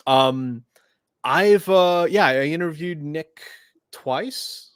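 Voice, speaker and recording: A man's voice: fairly high pitch, extremely slow, smooth, no echo. Stammering American man, dry sound. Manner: relaxed, stammers and repeats words. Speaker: podcast guest, veteran and journalist. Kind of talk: casual chat.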